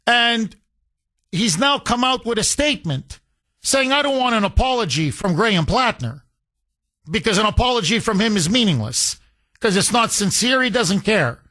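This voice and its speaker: A man's voice: sits high, expressive, moderate pace, sharp tone. A middle-aged man hosting a political talk radio show, delivering a heated, indignant monologue with strong emphasis.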